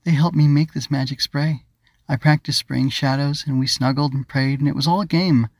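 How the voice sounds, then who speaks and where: A man doing a shy little girl from a bedtime storybook, timid and soft-spoken, raised well above his own pitch. The sound is close and dry. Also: fairly even intonation, moderate pace, dry recording. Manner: timid, whispery. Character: small young girl, shy and scared at bedtime.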